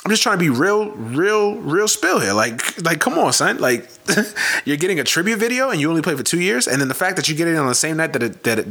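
A man's voice: on the high side, vocal fry, bright, forceful tone, breathy edge. A man giving a profane, emphatic sports rant, repeating his points with heavy emphasis. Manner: profane, emphatic, repetitive ranting. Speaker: sports commentator.

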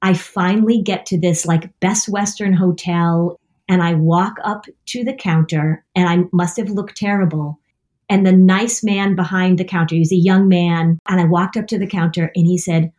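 A woman's voice: on the low side, moderate pace, darkish tone. Woman guest on a podcast, self-deprecating, laughs a lot, chatty storyteller. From New England, United States. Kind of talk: casual podcast chat.

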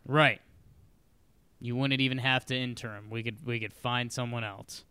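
A man co-hosting a casual sports podcast, quick to agree and making jokey asides. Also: mid-range voice, fairly even intonation, sharp tone, clear, resonant tone, dry recording. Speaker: podcast co-host.

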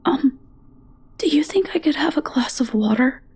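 A woman's voice: high voice, lively intonation, moderate pace, a little mellow, a little hiss or hum, pitched above the performer's own voice. A woman voicing a nervous young girl who talks in an anxious, apologetic way in a storybook reading.

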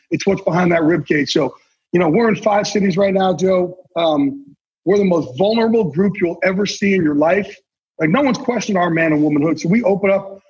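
A sportswriter and NFL insider, appearing as a guest on a podcast, talks intensely and earnestly in a casual conversation, using salty language. His voice sits high and sounds slightly rough, and the recording is dull and lo-fi.

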